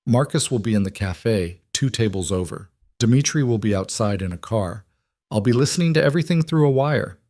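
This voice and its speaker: A man's voice: fairly low pitch, expressive, brisk, warm tone, dry recording, clean studio sound. A man doing a fierce, protective crime boss. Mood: intense, tender. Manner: intense, protective.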